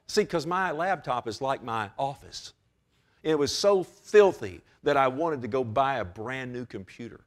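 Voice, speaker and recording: A male pastor preaching a sermon with passion, moving from hushed, low passages to loud, high exclamations.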